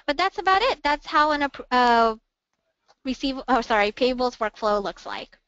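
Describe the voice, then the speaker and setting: A woman walking viewers through a software demo step by step, calmly narrating each click in a webinar. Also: sits high, normal speed, clean tone, dry recording. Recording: dull, dry, lo-fi webinar audio.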